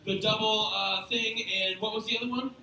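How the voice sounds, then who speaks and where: A man in his thirties hosting a live comedy show in a bar, loud, crude and laughing often. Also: high-pitched, steady tone, normal speed, slight background noise. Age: 30s. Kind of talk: stand-up comedy. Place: bar or beer hall stage before a live audience. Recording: echoey room, taped from a distance.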